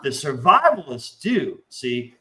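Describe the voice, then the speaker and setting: A man chats casually, spinning loose, profane stories and slipping into the voices of people he quotes. His voice is bright and forceful, and the roomy echo of a stream call sits around it. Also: medium pitch, slow pace. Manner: profane, rambling storyteller; animated, acts out quoted voices. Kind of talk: casual chat. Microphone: remote stream call mic.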